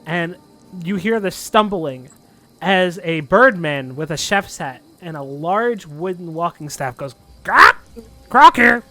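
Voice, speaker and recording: High bright-voiced male game master. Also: measured pace, faint music behind. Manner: rambling, many fillers. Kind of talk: narrating a tabletop game.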